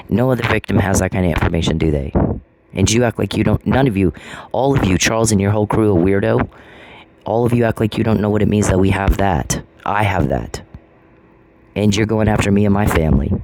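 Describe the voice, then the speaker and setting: A man in an angry monologue, confrontational and profane, repeating taunting questions. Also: sits low. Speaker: vlogger. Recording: noisy recording with clicks.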